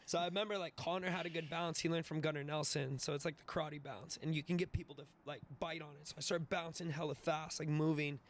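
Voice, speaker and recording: This young podcast guest in his twenties is a fast talker who barely pauses, his fairly high voice racing through a wild, profane story told casually. He laughs and acts out the voices with animation, against slight background noise.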